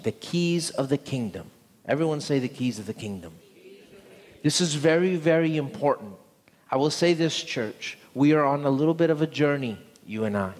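A man pastor preaching a conversational sermon, repeating phrases and building to emphatic calls for amen. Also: mid-range voice. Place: church sanctuary. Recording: church sanctuary with long reverb and live music. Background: instrumental music.

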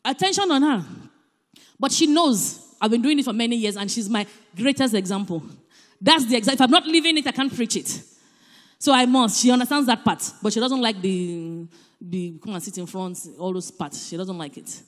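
Nigerian woman speaking at church, high voice, animated and emphatic, long hall echo. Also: moderate pace. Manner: animated, emphatic, shifts between loud and soft. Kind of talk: church talk on parenting.

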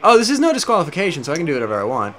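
A man's voice: fairly high pitch, wildly swooping pitch, racing, a bit bright. A young man casually commenting over gameplay at home, rambling, self-mocking and swearing often. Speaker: let's play host. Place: at home with a cat.

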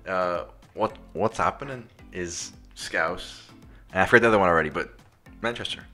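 A man's voice: sits low, moderate pace, loud music behind the voice. An American man, a young adult, thinking aloud through quiz answers in casual, hesitant chat with many restarts. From United States. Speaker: quiz contestant.

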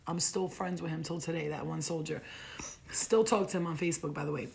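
Gravelly-voiced woman swearing through a story. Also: on the low side, brisk. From United States. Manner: profane, animated, laughs often, heavy slang. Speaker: vlogger telling a personal story. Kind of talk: casual storytelling.

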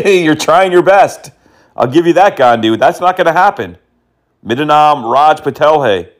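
A man's voice: on the high side, lively intonation, a little slow. A man prank-calling phone scammers, teasing and mocking them and dropping in Hindi words and insults. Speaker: scam-baiting prank caller.

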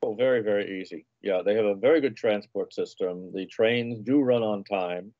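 A man's voice: on the low side, normal speed, dry recording, muffled recording. A man guest on an interview show, a food and travel writer telling leisurely, anecdotal stories in casual conversation.

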